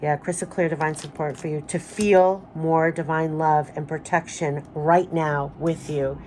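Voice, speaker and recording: A woman's voice: low voice, steady tone, a little slow, a little mellow, a little hiss or hum. A woman doing an emotional spiritual card reading, talking in a gushing, emphatic way and repeating phrases, her voice giving out. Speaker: tarot card reader.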